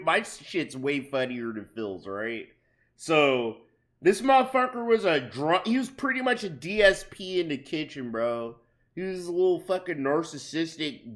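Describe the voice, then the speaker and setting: A man's voice: on the high side, fairly bright tone. A young man doing casual reaction commentary on a stream, crude and profane as he rambles through stories.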